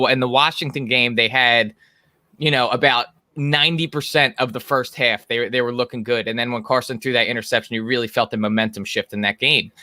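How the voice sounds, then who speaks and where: A man's voice: mid-range voice, sharp tone, no room sound. A man, a guest on a sports talk show, telling laid-back stories and laughing often.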